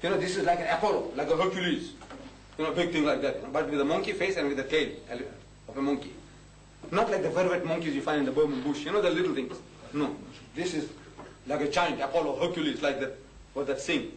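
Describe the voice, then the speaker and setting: A man's voice: a little high, fast, slight background noise. Older man preaching in an echoey hall. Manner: rhetorical questions, emphatic. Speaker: Islamic preacher. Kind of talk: religious lecture. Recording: echoey hall, speaker far from mic.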